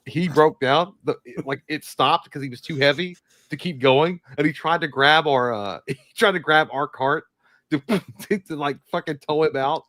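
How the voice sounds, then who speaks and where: A man's voice: on the high side, moderate pace, fairly bright tone, dry recording, studio quality. A man, co-hosting a casual livestream and telling a rambling story through frequent laughter. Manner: laughing, rambling anecdote teller. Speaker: podcast co-host.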